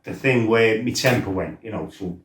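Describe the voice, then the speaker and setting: A middle-aged former fighter tells his life story in casual, animated fashion, swearing freely and acting out his own past shouting. His voice is fairly low and moves at a normal speed. The recording sounds roomy and distant.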